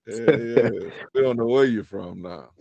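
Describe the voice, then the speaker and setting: A man's voice: mid-range voice, measured pace, creaky, a crowd in the background. Laid-back man in casual banter. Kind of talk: casual chat. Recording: dull, lo-fi sound.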